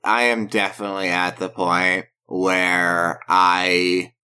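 A young man co-hosting a podcast, chatting casually in an unhurried, deadpan way and swearing now and then. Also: deep voice, clear, resonant tone. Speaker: podcast co-host. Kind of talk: casual chat.

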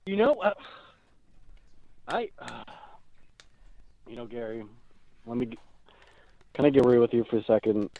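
A man's voice: medium pitch, very animated, a little slow, pauses often, phone-quality sound. A man playing a hotheaded young caller who rants at his stepdad in frantic, whiny bursts on a call-in comedy bit. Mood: sheepish. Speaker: prank caller.

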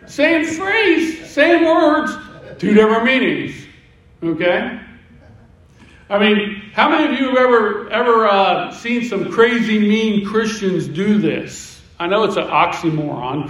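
A man's voice: high voice, animated, a little slow, fairly bright tone. A man preaching a sermon as pastor, in a conversational way with repetitions and asides. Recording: echoey room, voice from a distance.

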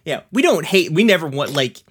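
A man's voice: a little high, sing-song, a little fast, fairly bright tone, breathy edge. A man with a Southern US drawl hosts a casual podcast chat. He rambles loosely, swears freely and laughs between his thoughts. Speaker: podcast host.

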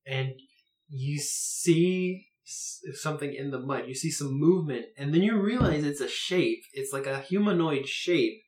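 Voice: medium pitch, expressive, measured pace, a little mellow, echoey room. A game master narrating a tabletop game in loose, rambling descriptions full of filler words.

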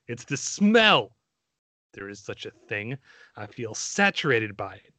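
A man performing an impression of a cold, menacing male machine agent who despises humans, with a put-on Australian-New Zealand accent and slow, measured delivery. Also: mid-range voice, big pitch swings, bright, forceful tone, no echo. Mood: cold contempt. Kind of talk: dramatic film-monologue impression.

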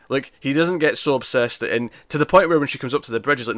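एक आदमी जीवंत और बिखरे अंदाज़ में अनौपचारिक बातचीत कर रहा है, उसकी आवाज़ तेज़ और चमकदार है, और रिकॉर्डिंग बिल्कुल सूखी, बिना गूंज की है।. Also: male voice, mid-range voice, dry recording. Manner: animated, rambling, drops into quick impressions. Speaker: podcast co-host. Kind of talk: casual chat reviewing a TV episode.

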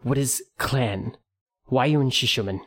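A man voicing a large male serpent creature who speaks in broken, rumbling phrases, terse and suspicious. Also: measured pace, a bit bright, dry recording, studio quality. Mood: wary.

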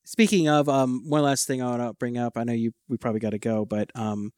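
A man's voice: medium pitch, a little fast, no echo, studio quality. A man co-hosting a podcast in casual chat, telling stories with frequent laughter and casual swearing. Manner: animated storyteller, laughs often, swears casually. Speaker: podcast co-host.

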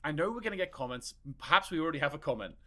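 A man's voice: a little high, sing-song, very fast, sharp tone. A man co-hosting a podcast in casual, rambling chat, swearing freely. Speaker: podcast co-host.

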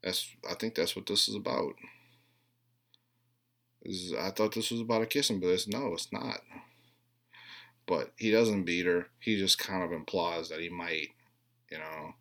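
Low-voiced man in his thirties, rambling crude comedy. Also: a little slow, long pauses. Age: 30s. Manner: crude, rambling, deadpan asides with mocking voices. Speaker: comedic movie recapper.

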